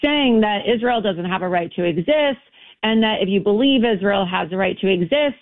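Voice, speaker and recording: A woman's voice: mid-range voice, lively intonation, normal speed. A woman guest calling into a radio show by phone, speaking emphatically and assertively. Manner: emphatic, assertive political talk. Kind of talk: phone-in interview. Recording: tinny phone line.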